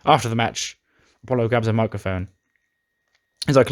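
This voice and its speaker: A man's voice: medium pitch, moderate pace, long pauses, no echo, studio quality. A man casually recapping his playthrough of a wrestling sim game, retelling storylines with dramatic flair. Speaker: gaming YouTuber.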